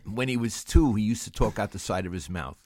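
Lively older man telling stories. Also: lowish voice, moderate pace, no room sound, clean studio sound. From Brooklyn, New York. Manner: animated storyteller, laughs often. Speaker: podcast co-host. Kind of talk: casual storytelling chat.

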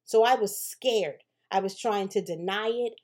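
A woman's voice: mid-range voice, a little slow, a little mellow. A woman hosting a podcast, telling a personal story in a candid, conversational way, swearing casually and often asking "right?". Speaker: podcast host.

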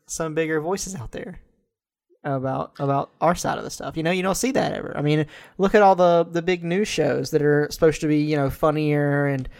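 A man's voice: fairly high pitch, fairly quick, vocal fry, a little mellow. A man co-hosting a podcast, chatting jokingly and often laughing as he talks. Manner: laughs often, jokey, trails off into mumbles. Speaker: podcast co-host. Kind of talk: casual comedic political chat.

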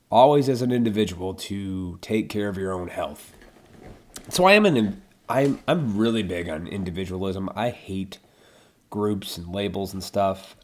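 Deep-voiced, blunt, swearing man. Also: darkish tone. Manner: blunt, profane, opinionated ranting. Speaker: vlogger. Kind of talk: casual monologue to camera.

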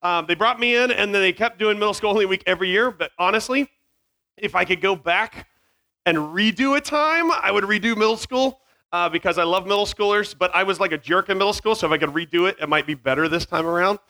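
A man's voice: sits high, quick pace, bright, forceful tone. A man in his forties with no regional accent, joking with middle schoolers at a youth camp through a headset mic, self-mocking and jumping from tangent to tangent. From Virginia. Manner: scattered, self-mocking, jumps between tangents.

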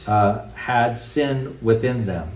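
A man's voice: mid-range voice, slow pace, darkish tone, a little hiss or hum, natural voice. A man quoting a bold older preacher who asks direct, probing questions. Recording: roomy echo from a distant mic.

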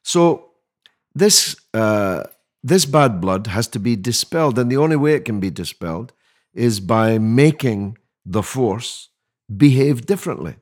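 A man's voice: mid-range voice, animated, measured pace, a little mellow. An older man, a guest on a podcast interview, talking in an emphatic, rhetorical way with many restarts. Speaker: mayoral candidate guest.

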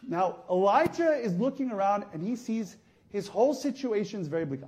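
A male priest giving a conversational sermon, going from soft, quiet asides to loud emphatic passages. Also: sits high, animated, a little slow, pauses often. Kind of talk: sermon teaching.

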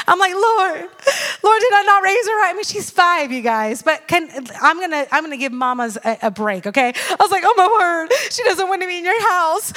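A woman in her thirties giving a sermon full of personal stories, chatty and animated, checking in with the audience with "okay?" and "all right?". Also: a little high. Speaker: speaker at a women's church gathering. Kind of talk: preaching with personal storytelling.

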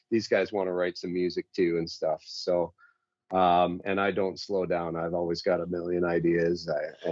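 A man's voice: low voice, darkish tone, dry recording. A male musician guest chatting casually over a call, rambling and self-deprecating in a laid-back way. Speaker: musician guest, band singer. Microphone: call audio. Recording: dull lo-fi call audio.

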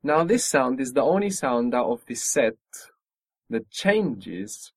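A man's voice: mid-range voice, big pitch swings, takes it slowly, breathy edge, no room sound. A man teaching a spoken language lesson, patiently modelling pronunciation and encouraging his student.

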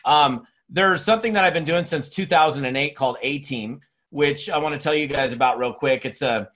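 Energetic motivational speaker man, higher voice. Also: fairly quick. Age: middle-aged. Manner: energetic, rambling, repeats himself. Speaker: speaker and trainer. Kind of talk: motivational talk.

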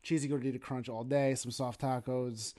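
A young man with a New York accent co-hosting a podcast in casual chat, animated and teasing, laughing often. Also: mid-range voice, moderate pace, dry recording. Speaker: podcast co-host.

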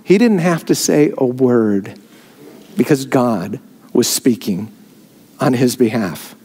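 A man's voice: medium pitch, lively intonation, slow, warm tone, slightly rough. A man preaching a sermon, filmed on camera, rising in emphasis on key phrases. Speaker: pastor. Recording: long hall reverb.

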